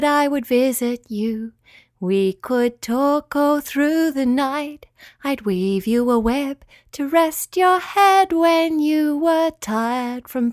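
Storybook figure: gentle little female spider, sweet and eager, read by a woman. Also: sits high, no room sound, studio quality.

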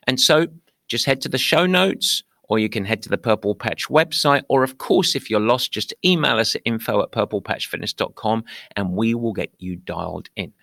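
British male podcast host, gravelly and dry-sounding, playful and theatrical. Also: lowish voice, animated, moderate pace, a bit bright, no room sound. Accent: British English. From England. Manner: playful, theatrical, mock-indignant. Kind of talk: upbeat podcast monologue.

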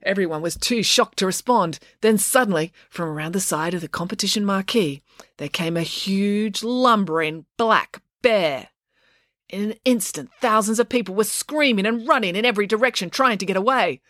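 A woman narrating a children's storybook aloud, lively and dramatic. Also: mid-range voice, normal speed, no echo, clean studio sound. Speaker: audiobook narrator.

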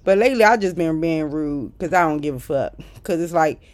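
Woman venting on her vlog, cussing nonstop, blunt and fed up, gets loud then mutters under her breath. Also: low-pitched, lively intonation, fairly quick. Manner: profane, blunt and exasperated, talking straight to viewers; swings between loud outbursts and muttered asides. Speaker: vlogger. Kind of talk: casual storytime rant.

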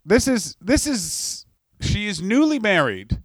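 A man's voice: sits high, big pitch swings, slow pace, dry recording. A man co-hosting a comedy podcast, ranting in crude, sardonic banter. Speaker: podcast co-host.

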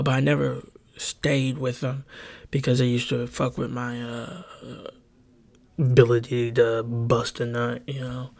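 A man's voice: medium pitch, creaky, a little mellow. A young man hosting a solo podcast, talking hesitantly and openly, with many ums and restarts, close to a home microphone. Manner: rambling, hesitant, full of ums and self-corrections. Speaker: podcast host. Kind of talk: solo confessional podcast talk. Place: home bedroom. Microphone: close desk microphone.

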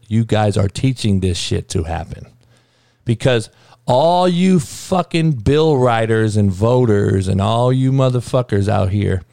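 A man's voice: fairly low pitch, creaky, dark tone, no echo, clean studio sound. A man hosting a sports podcast, ranting in a heated, profane, rambling way and often calling listeners dog. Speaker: podcast host. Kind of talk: casual sports rant.

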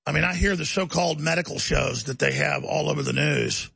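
A man's voice: a little high, fairly quick, vocal fry, sharp tone, breathy edge, dry recording. A man hosting a talk show, delivering a heated, emphatic ranting monologue.

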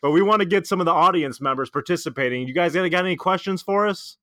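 A man's voice: sits high, fast talker, bright, forceful tone, dry recording, studio quality. A man co-hosting a comedy podcast, hyping things up like an emcee. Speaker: podcast co-host. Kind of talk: comedic banter.

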